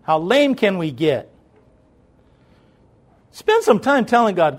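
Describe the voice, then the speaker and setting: Lively-pitched man preaching emphatically. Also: slow pace. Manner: emphatic, repetitive, conversational preaching. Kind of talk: sermon.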